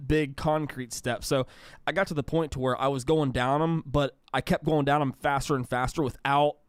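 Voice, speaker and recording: Smooth-voiced man rambling on a podcast. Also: mid-range voice, steady tone, moderate pace, no room sound, clean studio sound. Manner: rambling, with many restarts. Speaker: podcast co-host. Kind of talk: casual chat.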